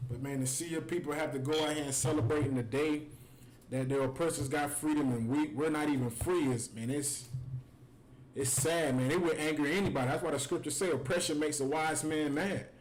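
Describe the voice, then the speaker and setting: A man from the United States leads a scripture breakdown on a livestream, speaking in a fairly high voice. His delivery is heated and conversational, with "man" dropped into nearly every sentence. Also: steady tone, brisk, a little hiss or hum, rough recording. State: angry. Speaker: scripture teacher.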